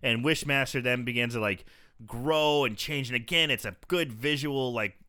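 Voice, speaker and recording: A man's voice: medium pitch, moderate pace, bright, forceful tone. A man in casual chat, retelling a horror movie's scenes with swearing and jokes. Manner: swearing, joking, retells scenes in put-on voices. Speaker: podcast co-host.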